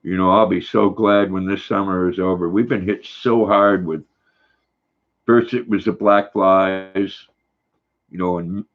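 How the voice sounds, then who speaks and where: Older guy, low-ish voice, chatty and rambling, kinda muffled recording. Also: fairly even intonation. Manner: folksy, rambling, drawn-out. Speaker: livestream host. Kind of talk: casual chat reading viewer comments. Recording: dull lo-fi recording.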